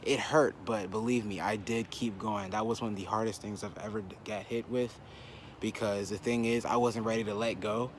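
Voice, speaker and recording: A man's voice: fairly low pitch, steady tone, normal speed, a little hiss or hum. Breathless young man cutting a backyard promo. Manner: boastful, trash-talking. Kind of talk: wrestling promo vlog. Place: outdoors in a backyard.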